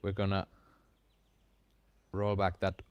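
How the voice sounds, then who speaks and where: Low-voiced man calling disc golf. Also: smooth, no echo, dull audio. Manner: calm, measured play-by-play with sudden excited rises. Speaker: play-by-play commentator. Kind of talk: live sports commentary.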